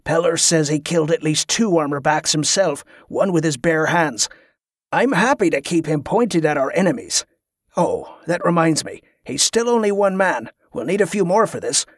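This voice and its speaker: A man's voice: on the high side, animated, normal speed, no echo, clean studio sound. A man playing a blunt, bullying male ringleader who growls orders with scorn. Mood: gruff commanding. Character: gruff bullying male schemer, a leader.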